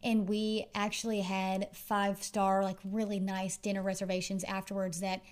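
A woman's voice: mid-range voice, monotone, normal speed, darkish tone, clean tone. A woman guest, with many fillers and restarts, telling her story casually in an interview. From Arkansas.

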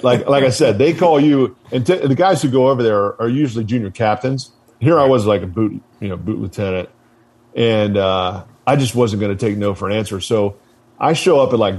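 A man being interviewed, casually telling stories with plenty of fillers, swearing and laughter. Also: fairly low pitch. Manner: relaxed, profane, many fillers, laughs while telling stories. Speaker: interview guest, former Marine officer.

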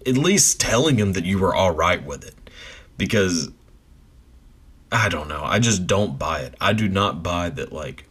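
Deep, husky man ranting bluntly. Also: animated, measured pace, pauses often, a bit bright. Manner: blunt, profane, laughs between points. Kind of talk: casual rant.

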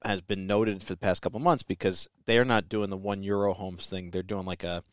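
Low-voiced man hosting a podcast. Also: steady tone, fairly quick, dry recording, studio quality. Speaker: podcast host. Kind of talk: casual podcast chat.

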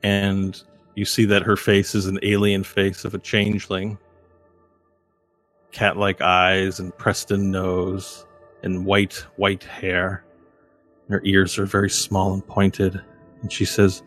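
A man's voice: sits low, completely flat delivery, slow pace, a bit bright, soft background music. A man running a tabletop game as game master, describing scenes in a meandering way with many fillers.

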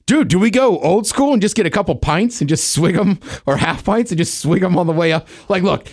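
A man's voice: high-pitched, lively intonation, fairly quick, a little mellow. A man from Washington, D.C., co-hosting a podcast in casual banter, laid-back and jokey, often chiming in with short replies. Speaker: podcast co-host.

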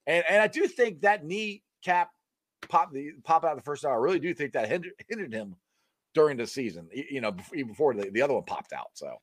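A man hosting a casual sports talk show, excitable, laughing often and tripping over his words. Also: on the high side, brisk. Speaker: sports podcast host.

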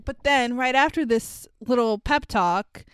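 A woman's voice: a little high, a little slow, clear, resonant tone, no echo. A young adult woman co-hosting a casual comedy movie recap. She is sarcastic and incredulous, swears freely and laughs often. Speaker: podcast co-host.

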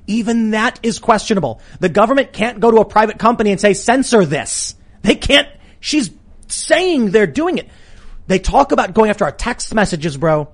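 A man hosting a talk show, arguing politics in a casual, animated way. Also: high voice. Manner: animated, argumentative, quick asides. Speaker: podcast host.

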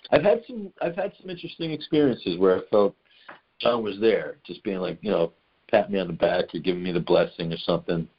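A man hosting a podcast, telling a story in a loose, animated way, swearing often and laughing mid-sentence, on a dull lo-fi recording. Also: sits low, brisk, slightly rough. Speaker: podcast host. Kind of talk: casual storytelling chat.

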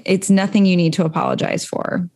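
A woman's voice: on the low side, level tone, fairly quick, a little mellow, husky. A woman in her thirties, a co-host talking earnestly and reflectively about emotions and parenting, with many fillers. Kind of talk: casual chat.

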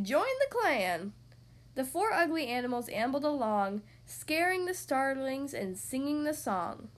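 A woman's voice: sits high, very animated, normal speed. A woman reading a rhyming children's picture book aloud in a playful, sing-song way. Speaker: storybook reader.

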